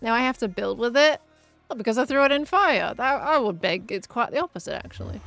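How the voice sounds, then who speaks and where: Gravelly Australian woman streaming. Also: fairly high pitch, lively intonation, fairly quick, fairly bright tone, no room sound, soft background music. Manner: chatty, reads out chat messages and reacts to viewers. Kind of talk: casual live-stream chat.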